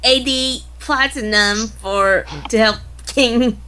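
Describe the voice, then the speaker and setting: A woman playing in a tabletop game, chatty and quick to laugh. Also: a little high, sharp tone, a little hiss or hum. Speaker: player. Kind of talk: casual chat during a tabletop game.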